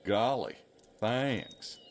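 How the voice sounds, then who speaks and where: A man's voice: medium pitch, extremely slow, slight background noise, pitched above the performer's own voice. An actor playing a man faking a folksy rural tourist, with a hammy drawling twang, in a video game.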